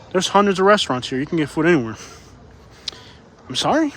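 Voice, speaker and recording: A man vlogs live from city streets with a phone in his hand, slightly out of breath as he walks. He rambles, circles back over his points, and answers viewers in a fairly high voice. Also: quick pace, fairly bright tone, a little hiss or hum. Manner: rambling, repeats himself, reads chat aloud. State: out of breath from walking. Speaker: live-stream vlogger. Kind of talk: casual live-stream walking commentary.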